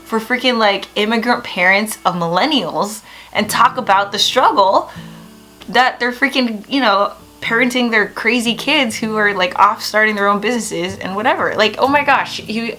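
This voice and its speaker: Bright-voiced excitable young woman vlogging. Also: mid-range voice, normal speed, faint music behind, poor audio. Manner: excitable, gushing, many filler words. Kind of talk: casual vlog monologue.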